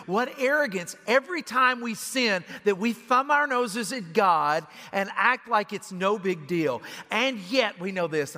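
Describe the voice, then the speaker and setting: A male pastor delivering a sermon, swinging from loud emphasis to hushed intensity. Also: a little high. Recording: reverberant hall.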